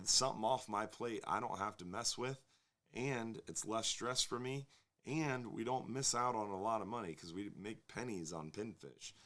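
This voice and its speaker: Man, low-ish voice, easygoing live-show host, rambling and jokey. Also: a bit bright. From Florida. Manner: laid-back, rambling, joking with viewers. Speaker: fishing charter captain hosting a live show. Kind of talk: casual live-stream chat.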